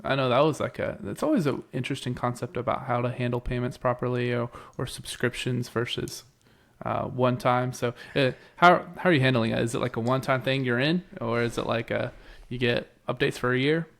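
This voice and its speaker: A man's voice: mid-range voice, steady tone, a little fast, creaky. A man co-hosting a casual tech podcast, asking curious questions with hesitant fillers. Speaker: podcast co-host.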